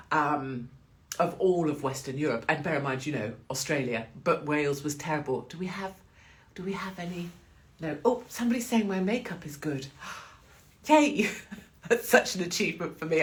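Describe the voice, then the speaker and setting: An English woman hosts a casual live stream, chatting straight to her viewers. She swears freely and laughs often, and her talk stays loose and animated as she moves around in front of the camera at home. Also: sits low. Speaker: livestream host.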